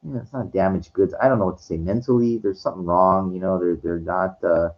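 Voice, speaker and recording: The audio is dull as this low-pitched vlogger, speaking with fairly even intonation, recounts something that happened to him. His casual delivery is halting and rambling, packed with fillers, restarts and offhand swearing.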